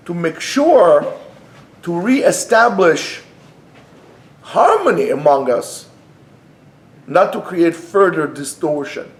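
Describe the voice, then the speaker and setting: A man teaching an informal Torah class at a yeshiva, talking conversationally and often restarting his phrases. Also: fairly high pitch. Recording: echoey room.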